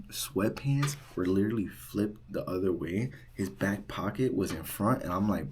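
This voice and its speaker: A young man working as a resident assistant tells a storytime vlog in a casual, animated way, full of "like" and "right?". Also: sits low, moderate pace, hardly any pauses, husky. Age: young adult. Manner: animated retelling, heavy use of "like" and "right?".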